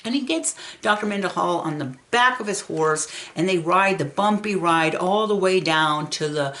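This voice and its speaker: Woman with a low voice telling a story, chatty and expressive. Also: normal speed. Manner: conversational, expressive retelling. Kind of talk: storytelling narration.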